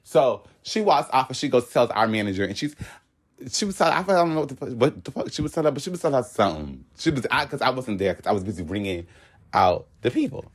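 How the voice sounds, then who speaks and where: A young man telling a work story in a casual, animated way, swearing often and acting out what people said. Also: medium pitch, fast talker. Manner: animated, profane storytelling with acted quotes.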